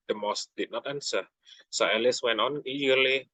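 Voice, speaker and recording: A man's voice: mid-range voice, bright, forceful tone, breathy edge, no echo, low-quality recording. A young man reading a children's book aloud as a student, stumbling over words and correcting himself. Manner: halting, frequent slips and self-corrections. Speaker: student reader.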